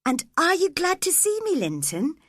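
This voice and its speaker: A hot-tempered young girl speaks earnestly, her pitch raised and swinging widely. A woman gives her voice in a storybook reading. The recording is dry and close. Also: very animated, a little slow, no room sound, full character voice. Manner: pleading, then shouting.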